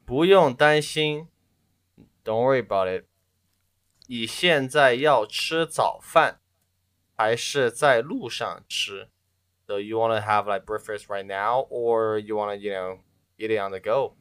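Slow, low-voiced man from China. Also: clear, resonant tone, no echo, clean studio sound. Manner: relaxed, translates each line. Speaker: language partner. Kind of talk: casual language practice.

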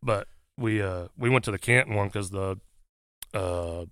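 A man speaks in a lower register, recounting events in an earnest, halting way. His sound is close and dry, with no room in it. He talks casually, as if to a friend across the table. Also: fairly bright tone, clean tone, no echo. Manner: halting, many "uh" fillers, earnest. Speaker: guest, firefighter. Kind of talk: casual conversational storytelling.

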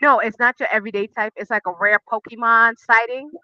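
Woman podcast co-host, bright and sharp tone, playful teasing asides, slightly dull lo-fi sound. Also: a little high, fairly even intonation, brisk, dry recording. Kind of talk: casual chat.

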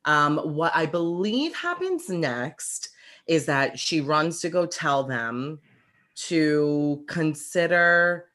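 Female podcast guest, low voice, plain plot recap. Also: animated, slow, a bit bright. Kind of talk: casual chat.

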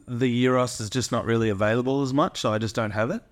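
An Australian man in casual podcast chat, rambling and halting with many fillers. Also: mid-range voice, fairly even intonation. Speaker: podcast co-host.

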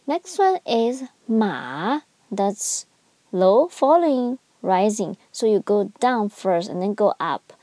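A woman's voice: mid-range voice, animated, slow pace, warm tone, no room sound. A woman teaching a Mandarin lesson in English, patiently sounding out syllables and exaggerating each tone. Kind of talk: scripted language lesson.

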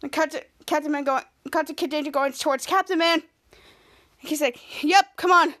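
A woman hosting a podcast, casually retelling a TV episode scene by scene with halting, repetitive phrasing and many restarts. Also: high voice, steady tone, fairly bright tone. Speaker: podcast host.

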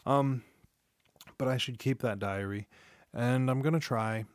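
In a candid solo podcast monologue, a man in his thirties speaks a little slowly in a mid-range voice, recorded cleanly on a studio microphone with no room sound. He rambles and confesses, curses frequently, keeps restarting sentences, and yawns, sounding tired.

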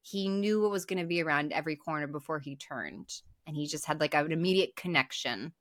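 A young woman co-hosts a podcast and retells a film scene by scene, chatty and animated, with frequent swearing and restarts. Her voice sits somewhat low but sounds bright and forceful. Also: a little fast, dry recording, studio quality. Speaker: podcast co-host. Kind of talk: casual chat recapping a film.

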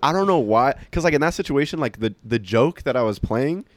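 A young man, rambling through stories with heavy filler words and casual swearing. His voice is mid-pitched and recorded dry and close. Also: lively intonation, brisk, no echo. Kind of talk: casual chat.

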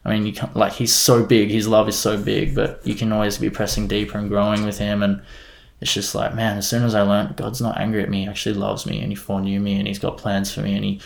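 Speaking fast and in a monotone, a young man with a fairly low, fry-tinged voice chats casually as a guest about his faith testimony. He's earnest but rambles, leaning heavily on "like" and "you know."

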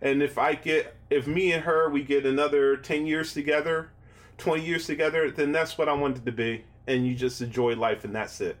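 Middle-aged guy on a podcast, kinda high voice, rambles and stumbles over words, swears a lot. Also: little pitch movement, moderate pace. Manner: rambling, repeats words when worked up; swears freely. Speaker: podcast co-host. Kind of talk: casual chat.

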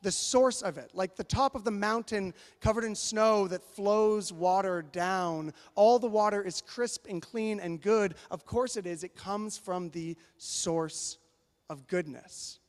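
A man with a high voice preaches to a congregation. He tells stories in an animated, playful way. His voice rings with a long reverb in a large church. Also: unhurried. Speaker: pastor. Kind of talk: storytelling sermon.

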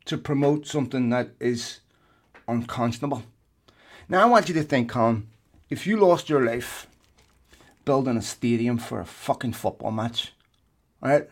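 A man co-hosting a podcast, ranting in heated casual chat and swearing often. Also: medium pitch. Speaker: podcast co-host.

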